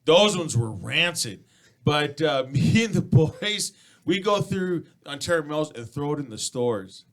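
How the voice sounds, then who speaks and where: Guy hosting a casual chat show, kinda high voice, swears a lot, laughs while telling stories. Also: expressive, measured pace. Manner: loose, profane, laughing storyteller. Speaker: podcast host.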